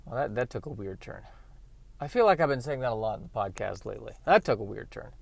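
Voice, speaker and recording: A man hosting a solo podcast, rambling in a halting, self-mocking way with frequent restarts, while on the way to work in his car. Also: medium pitch, expressive, creaky. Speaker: podcast host. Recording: road noise from a moving car.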